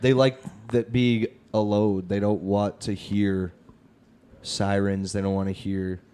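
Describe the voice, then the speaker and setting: A man's voice: lowish voice, slow, a little hiss or hum. A young man hosts a casual podcast conversation. He tells his stories animatedly and jumps between his own voice and the people in them. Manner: animated storyteller who acts out street encounters. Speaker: podcast host.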